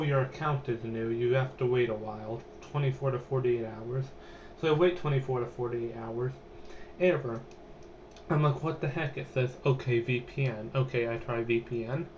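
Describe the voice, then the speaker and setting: A man's voice: medium pitch, a little mellow, lo-fi sound, slight background noise. A young man hosting a podcast, telling a personal story in a chatty, rambling way with lots of fillers. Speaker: podcast host.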